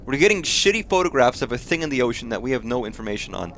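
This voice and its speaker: Man, mid pitch, gaming commentary, muttering, cursing, startled. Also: very animated, quick pace, hardly any pauses, a bit bright, a little hiss or hum. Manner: muttering, swearing, startled reactions. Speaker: host of a gaming channel. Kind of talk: let's play commentary.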